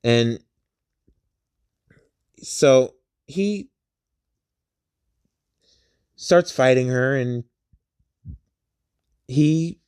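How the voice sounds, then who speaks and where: Slow, rambling male storyteller. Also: medium pitch, darkish tone, clean tone. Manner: rambling, halting, with many fillers and restarts. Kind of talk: casual retelling of a fan story.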